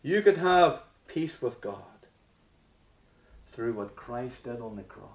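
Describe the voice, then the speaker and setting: A man preaching a sermon with dramatic swings from loud rhetorical questions to hushed near-whispers. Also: medium pitch, animated, slow, distant mic. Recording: echoey room.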